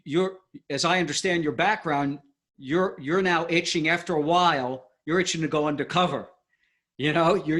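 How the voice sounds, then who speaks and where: A man's voice: on the high side, fairly bright tone. A man hosting a podcast interview, thinking aloud in a rambling, thoughtful way. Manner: thoughtful, rambling, many fillers and restarts. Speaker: podcast host. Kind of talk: casual interview talk.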